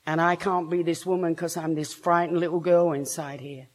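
Speaking at a moderate pace in a lowish, fairly flat voice, an Englishwoman shares her personal story with a recovery meeting, candid and self-deprecating, laughing now and then as she goes.

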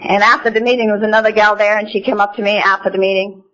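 A woman's voice: mid-range voice, flat delivery, racing, fairly bright tone. An older woman gives a personal testimony from a meeting podium, her telling plain and earnest. Her voice sits in an ordinary middle register. The recording is dull and lo-fi. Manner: earnest, plain-spoken storytelling. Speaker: recovery meeting speaker.

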